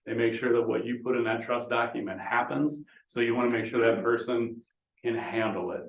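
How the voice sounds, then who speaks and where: A man's voice: mid-range voice, steady tone, brisk, creaky. A man, a magistrate at a seminar, explaining legal steps in a plain-spoken way. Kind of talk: public talk answering questions. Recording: echoey room.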